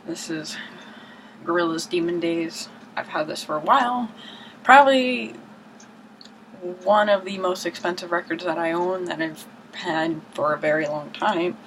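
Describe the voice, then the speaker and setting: A woman chatting casually to camera on a low-quality home video, rambling with hushed asides and mock-dramatic outbursts. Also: measured pace, slight background noise. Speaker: vlogger showing her record collection.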